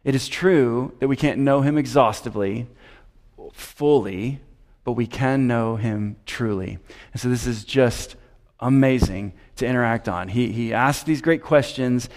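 Slow, emphatic preacher in a reverberant hall. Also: male voice, mid-range voice, a little mellow. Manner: measured, emphatic preaching with repeated phrases and rhetorical questions. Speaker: pastor. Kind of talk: expository sermon.

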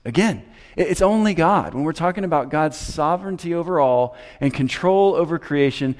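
A man preaching an expository sermon, measured and emphatic, with rhetorical questions and repeated phrases. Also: fairly high pitch, lively intonation, darkish tone. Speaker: pastor. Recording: long hall reverb.

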